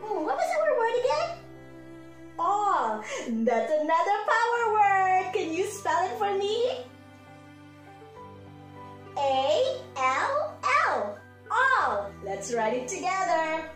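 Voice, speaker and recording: A woman, a preschool teacher, giving a slow, sing-song morning lesson to small children. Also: very high-pitched, big pitch swings, fairly bright tone, reverberant, faint music behind. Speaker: pre-K teacher.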